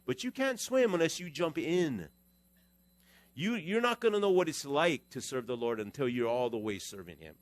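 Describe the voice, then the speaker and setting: A middle-aged pastor preaching a sermon in an animated, conversational way, his volume rising and falling. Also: on the high side, moderate pace, no room sound.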